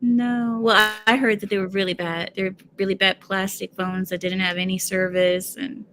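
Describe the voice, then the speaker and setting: An American woman with a mixed accent, hosting a casual chat, animated and laughing a lot. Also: mid-range voice, normal speed, soft background music. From United States. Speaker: host.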